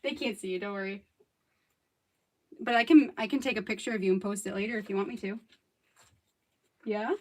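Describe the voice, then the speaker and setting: A slightly high-voiced woman in her thirties hosts a live crafting stream. She rambles in a relaxed, chatty way and laughs often as she talks. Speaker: livestream craft host. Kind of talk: casual live crafting chat.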